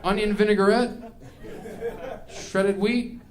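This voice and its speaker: A man's voice: high voice, steady tone, slow, a crowd in the background. A male stand-up comedian performing a ranting, exasperated set.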